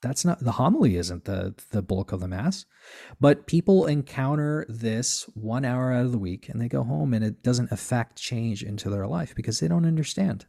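A man with a gravelly, mellow voice speaks as a guest in a casual talk. He explains earnestly, leaning hard on his key points, in a dark and relaxed tone. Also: mid-range voice, moderate pace. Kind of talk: casual conversation on faith.

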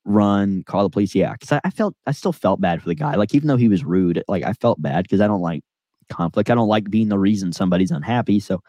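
A young man tells a winding story on a podcast, stuffing it with fillers and putting on the voices of the people involved. His voice sits low and warm, and the sound is dry and close to the mic. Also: animated, fast, no room sound. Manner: rambling, filler-heavy, acts out quoted voices. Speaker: podcast co-host. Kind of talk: casual storytelling. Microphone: on-camera podcast mic.

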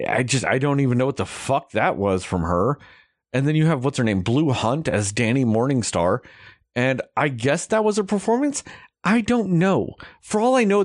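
A man's voice: medium pitch, dry recording, clean studio sound. A young man hosting a podcast, ranting about a movie in casual, heavily profane chat. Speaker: podcast host reviewing a movie.

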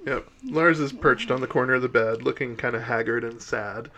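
A man's voice: medium pitch, sharp tone, a little hiss or hum. A man running a tabletop role-playing game, narrating casually and wryly with frequent fillers. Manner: casual, wry, halting with fillers. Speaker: game master.

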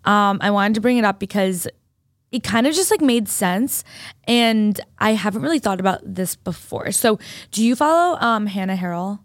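A woman's voice: mid-range voice, lively intonation, moderate pace, no room sound. A young woman co-hosting a podcast, telling a story in casual chat with lots of fillers. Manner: chatty, storytelling with many fillers. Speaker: podcast co-host.

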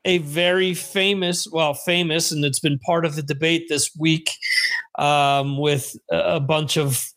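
A middle-aged man from the United States talks casually on a live-streamed podcast. His voice sits high for a man. He rambles, jokes and pokes fun at himself. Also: level tone, measured pace, a bit bright. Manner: rambling, self-deprecating, jokey. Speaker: podcast host.

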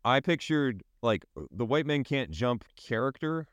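A man's voice: mid-range voice, expressive, unhurried, dry recording. A man co-hosting a podcast in easygoing casual chat, agreeable and trailing off at times. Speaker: podcast co-host.

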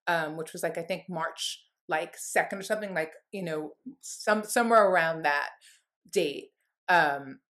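A woman's voice: sits low, a little slow, a bit bright. A woman guest in an interview telling a candid personal story in an earnest, rambling way, full of "like" fillers. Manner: rambling, heavy use of "like" fillers; earnest, heartfelt.

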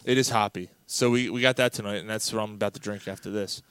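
A man's voice: on the low side, fairly even intonation, fast talker, fairly bright tone, clear, resonant tone, no echo. A man hosting a podcast, rambling through stories and jokes over beers with friends. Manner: laughing, rambling storyteller. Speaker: podcast host. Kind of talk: casual chat.

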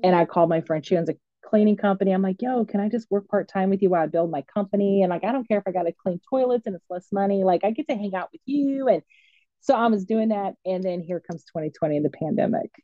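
A woman's voice: medium pitch, quick pace, no echo. Candid woman counselor telling her story. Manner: lively, candid, acts out quoted voices. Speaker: licensed mental health counselor. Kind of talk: casual conversational storytelling. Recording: dry, slightly dull sound.

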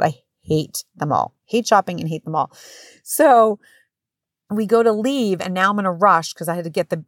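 Brief: woman in her thirties, solo podcast host, candid and animated storyteller who swears, dry close-miked sound. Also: lowish voice, no room sound. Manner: candid, swears, animated retelling with quoted voices. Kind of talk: casual storytelling monologue.

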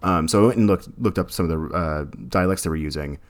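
Man, very low voice, casual rambling podcast co-host. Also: fast. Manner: rambling, many fillers and restarts. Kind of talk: casual film discussion.

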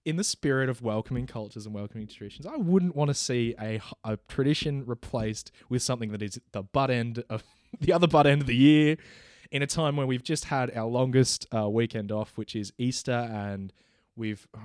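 A man's voice: mid-range voice, a little fast, a little mellow, dry recording, clean studio sound. An Australian man arguing in a casual comedic podcast debate, rambling and giggling often. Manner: giggly, rambling, breaks into laughter.

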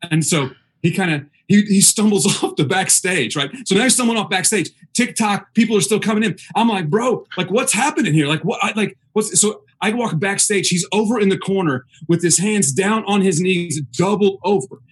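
A man's voice: sits high, normal speed, slightly rough. A man telling a funny story in a casual chat, acting out the voices of others and laughing as he goes. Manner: animated, acts out the voices of others.

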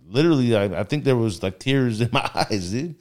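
A man's voice: mid-range voice, animated, brisk, darkish tone. A man casually telling a story as a guest, rambling and full of filler words.

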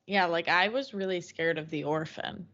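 A woman's voice: fairly low pitch, normal speed, a bit bright. Young woman searching for her words. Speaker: podcast co-host. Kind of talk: casual chat. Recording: slightly dull lo-fi podcast audio.

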